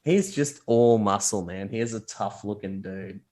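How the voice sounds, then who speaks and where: A man's voice: lowish voice, normal speed, darkish tone. A man running a tabletop game as game master, narrating loosely and profanely and laughing easily.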